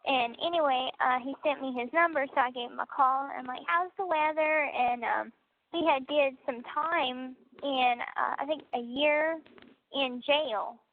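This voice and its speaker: A young woman talks casually and chattily, laughing often between stories. Her voice sits high and comes through a narrow, tinny prison phone line. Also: a little slow. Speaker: inmate on a prison call.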